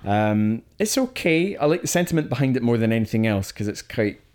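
A man with a lowish, clear, resonant voice, a little mellow, talks at a quick pace. He's co-hosting a film podcast in casual chat, giving his opinions freely and often beginning his sentences again.

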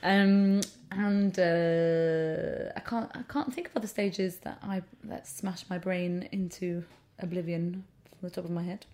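A woman comedian, chatting casually in an interview and acting out the people in her stories. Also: fairly low pitch. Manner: animated storyteller, quick to act out quotes. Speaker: stand-up comedian and character act.

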